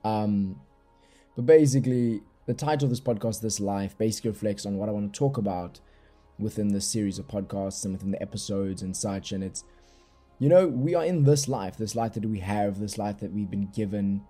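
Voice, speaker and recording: Young South African podcast host, easygoing and rambly, dark low tone, faint music underneath. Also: male voice, fairly quick. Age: young adult. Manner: laid-back, rambling, slangy. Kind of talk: casual solo podcast chat. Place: bedroom at night. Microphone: laptop microphone.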